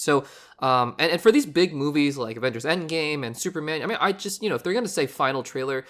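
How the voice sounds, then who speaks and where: A man hosting a solo movie podcast, hoarse from recently losing his voice, talking in a rambling, animated way with frequent restarts. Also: on the high side, fast talker. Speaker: podcast host.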